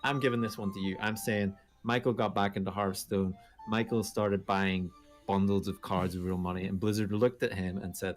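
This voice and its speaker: A man's voice: low voice, fairly even intonation, a little fast, over music. A man hosting a casual gaming podcast, teasing his co-hosts with mock-dramatic build-ups. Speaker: podcast host. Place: home studio, streaming live.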